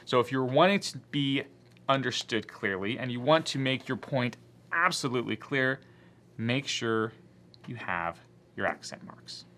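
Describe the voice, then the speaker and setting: A male Spanish teacher explains grammar step by step in a patient classroom manner. His voice is bright and carries well, at an ordinary middle pitch for a man. He now and then acts out a student's doubts before answering them. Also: animated, measured pace, a little hiss or hum. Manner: explains patiently, voicing imagined student objections.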